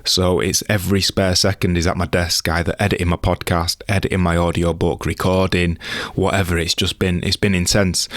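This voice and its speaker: Male podcast host, fairly low voice, self-deprecating and chatty, dry booth sound. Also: fairly bright tone, no echo. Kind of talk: casual podcast monologue.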